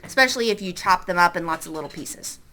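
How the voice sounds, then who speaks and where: A woman teacher reads a novel aloud to her class in an expressive way, stopping to ask the students questions. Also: fairly low pitch, fast talker. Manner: expressive, stops to quiz the class.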